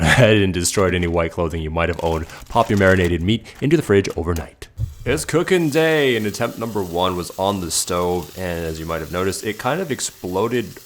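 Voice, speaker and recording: A man's voice: sits low, normal speed, a little hiss or hum. A man hosting his own cooking video, talking through each step in a casual voice-over with playful, jokey asides. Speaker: cooking channel host.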